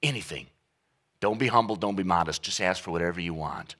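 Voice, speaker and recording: A man voicing a boastful male mall Santa who talks like a pushy salesman, insistent and confiding, in a low, quieter voice. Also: fairly quick. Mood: coaxing.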